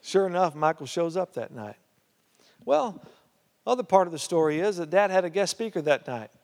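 A man preaching a storytelling sermon in a conversational way, full of "uh" and "you know", and growing animated. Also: high voice, normal speed. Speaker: pastor. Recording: reverberant hall sound.

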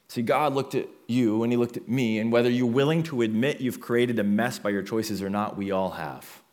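A man's voice: mid-range voice, moderate pace, hardly any pauses, a little mellow. A man preaching a sermon as a pastor, earnest and building intensity through repeated phrases.

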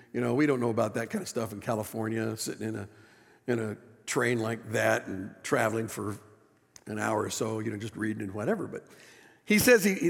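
Gravelly middle-aged male pastor preaching. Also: mid-range voice. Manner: conversational storytelling, asks the congregation. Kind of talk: sermon. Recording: echoey church hall.

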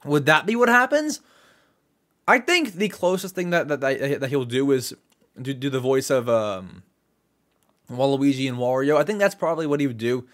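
Excitable young man rambling on a podcast. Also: medium pitch, normal speed. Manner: excitable, rambling, many repeated words and restarts. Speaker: podcast host. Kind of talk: casual solo podcast chat.

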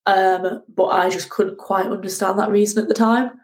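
A woman, a guest telling her ocean rowing story in a lively conversational way. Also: medium pitch, normal speed, slight background noise, rough recording. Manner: animated, acts out shouting at the sea.

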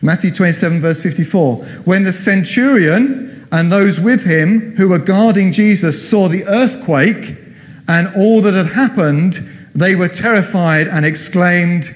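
A man's voice: sits high, measured pace. Chatty male preacher in a hall. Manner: chatty, quizzing the congregation. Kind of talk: sermon. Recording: long hall reverb.

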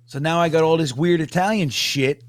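A man's voice: a little high, normal speed, no echo. Joking, profane Northeastern man. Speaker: podcast panelist. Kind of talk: casual chat.

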